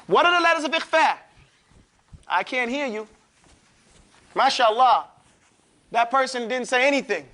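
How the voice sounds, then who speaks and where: Casting note: man, classroom tajweed teacher, high and bright, casual joking drill-master. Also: lively intonation. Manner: drills students, models recitation slowly, casual and joking. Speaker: Quran recitation teacher.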